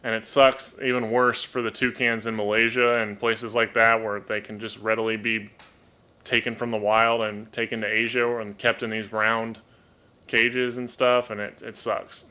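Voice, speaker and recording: A bright-voiced man hosts a casual live stream from his home room using a desk microphone, and he keeps toucans. His voice sits on the low side with a level, clean tone at normal speed, and he's chatty and apologetic, repeating words as he thinks.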